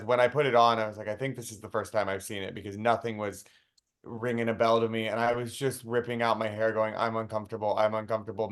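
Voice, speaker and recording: A man co-hosting a podcast, ranting with exasperation and halting restarts. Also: mid-range voice. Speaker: podcast co-host. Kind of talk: casual movie-review chat.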